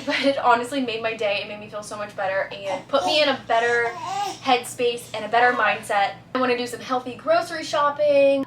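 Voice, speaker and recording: A woman's voice: fairly high pitch, fairly bright tone. A young woman chatting casually to viewers in a home vlog, upbeat and confiding. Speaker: vlogger. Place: home, indoors. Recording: echoey home room with faint noise.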